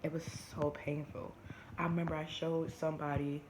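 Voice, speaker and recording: A woman, chatting animatedly to camera and often restarting her sentences. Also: low-pitched. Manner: animated, talks fast with many restarts. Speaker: vlogger. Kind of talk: casual chat to camera. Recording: noisy home recording.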